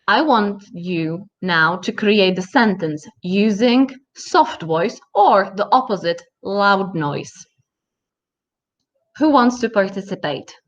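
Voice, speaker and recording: Woman teaching english online, slow careful talk, kinda muffled recording. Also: mid-range voice. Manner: slow, explains step by step. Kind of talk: online language lesson.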